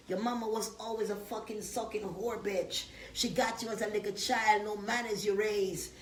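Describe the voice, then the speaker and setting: A brash woman fires off a profane rant in loose, half-rapped rhymes. Her voice sits a little high. It sounds like a phone set back from her in an echoey room with a faint hiss behind. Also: far from the mic. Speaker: vlogger. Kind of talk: profane rhyming rant to camera.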